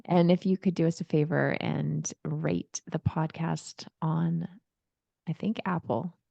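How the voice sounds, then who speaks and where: A woman's voice: deep voice, fairly even intonation, takes it slowly, creaky, dark tone, no room sound, muffled recording. A woman co-hosting a real estate podcast, chatty and laughing often. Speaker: podcast co-host, realtor. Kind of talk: casual chat.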